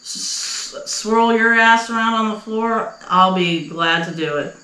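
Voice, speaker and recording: A woman's voice: fairly high pitch, unhurried, a crowd in the background. A woman hosting a casual podcast, joking crudely with friends and laughing often. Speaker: podcast host. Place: indoors at a friend's home. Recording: roomy echo.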